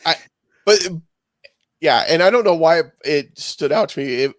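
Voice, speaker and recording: A man's voice: on the high side, lively intonation, normal speed, no echo. Guy rambling on a movie podcast, pretty dry sound. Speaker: podcast co-host. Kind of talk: casual chat.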